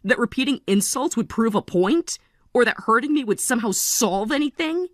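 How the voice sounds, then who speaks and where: A woman in her forties playing a tired but resolute mother in a text-story drama, speaking in a calm, measured way. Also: on the high side, no echo, clean studio sound. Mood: calm resolve. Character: weary, resolute mother leaving her family.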